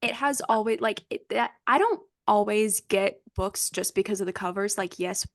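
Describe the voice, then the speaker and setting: A woman's voice: medium pitch, normal speed, no echo. Enthusiastic young woman, dry close sound. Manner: enthusiastic, rambling with restarts. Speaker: podcast co-host. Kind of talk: casual chat.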